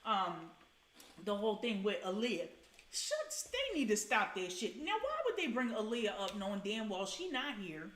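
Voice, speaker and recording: Very animated and speaking at normal speed, a woman with a mid-range, fairly bright voice hosts a casual livestream from an echoey room. She's profane and blunt, chatting away and welcoming viewers by name.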